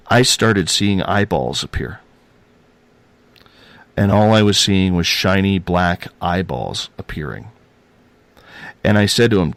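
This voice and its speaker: A man with a fairly low voice recounts a spirit encounter, rambling and earnest, circling back on his words with casual slang. The sound is dry and close, with no room around him. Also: a bit bright, no echo. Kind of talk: personal paranormal storytelling.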